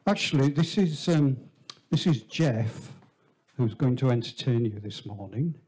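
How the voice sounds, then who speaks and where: A man's voice: mid-range voice, expressive, a little slow, mellow, breathy edge. A man introducing a performer to a small live theatre audience, chatty and teasing, telling a joke with quoted voices. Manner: chatty, teasing, tells a shaggy-dog joke. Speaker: venue host introducing the performer.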